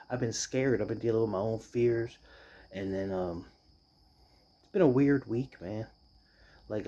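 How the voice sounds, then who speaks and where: A man's voice: fairly low pitch, warm tone. A man ranting casually and profanely about his boss and job, telling stories with mocking impressions of the people involved. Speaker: podcast or vlog host venting about work. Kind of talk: casual rant.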